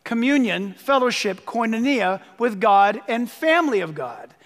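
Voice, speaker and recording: A man's voice: extremely high pitch, sing-song, a little slow, fairly bright tone. A man preaching a sermon as pastor, speaking emphatically, repeating phrases for stress and urging listeners to write things down. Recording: long hall reverb.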